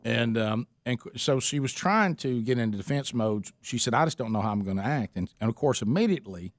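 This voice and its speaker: A man's voice: medium pitch, expressive, a little fast, dry recording, studio quality. A middle-aged man, co-hosting a radio show and telling a long teasing story full of restarts. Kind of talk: casual chat.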